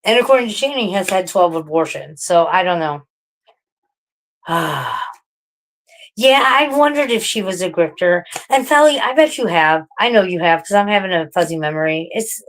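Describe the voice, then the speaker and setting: A woman livestreaming casual chat, talking frankly in a rambling way and swearing often. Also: deep voice.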